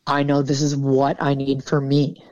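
A woman's voice: a bass voice, completely flat delivery, normal speed, a little mellow, no room sound. A woman military veteran talking candidly in an interview, casual and frank, swearing freely. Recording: dull, dry sound.

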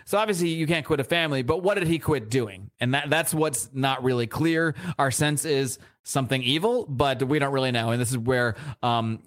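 A man's voice: mid-range voice, moderate pace, few pauses. A man co-hosting a live podcast, casually recapping a comic book scene by scene with many restarts and lines of dialogue read aloud. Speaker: podcast co-host. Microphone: podcast mic, live show.

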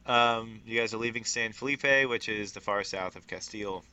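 A man's voice: on the low side, moderate pace, pushed and bright, clear, resonant tone, lo-fi sound. A man narrating as game master of a tabletop role-playing game, casual and rambling, full of fillers.

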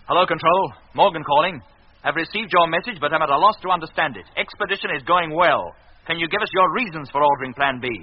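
An actor playing a firm, commanding spaceship captain in a 1950s radio drama, speaking in brisk, clipped radio calls. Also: male voice, a little high, slightly rough. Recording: muffled 1950s radio broadcast.

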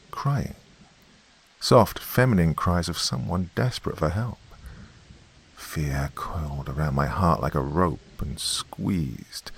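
Deep gravelly man narrating horror. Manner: expressive, tense storytelling with dramatic pauses. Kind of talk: first-person horror story narration.

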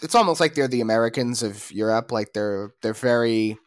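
A man's voice: mid-range voice, a little fast, no echo, clean studio sound. A man co-hosting a casual podcast, talking through opinions in a rambling way with frequent restarts and fillers. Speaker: podcast co-host.

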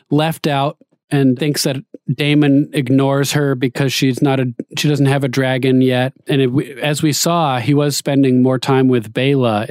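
A show recapper casually runs through a TV episode, laughing often and playfully paraphrasing the characters' lines as he acts them out. His voice is mid-range, and the recording is dry with clean studio sound.

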